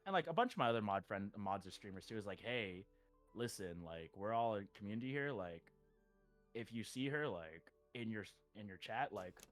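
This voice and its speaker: A man's voice: on the low side, expressive, moderate pace, faint music behind. A man streaming, telling stories in casual chat, rambling with lots of "like" and chuckling between sentences. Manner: rambling storytelling full of "like".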